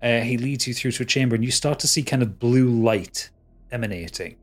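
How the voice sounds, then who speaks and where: A man runs a tabletop game and narrates the scenes. He pauses often and restarts his sentences, in an ordinary mid-range voice. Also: medium pitch. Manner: hesitant, full of fillers and restarts. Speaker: game master.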